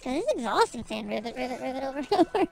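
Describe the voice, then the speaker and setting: A woman's voice: high voice, big pitch swings, racing, creaky, a little mellow, faint music behind, rough recording. A young woman streaming a game live, giggly and playful as she reads the dialogue aloud.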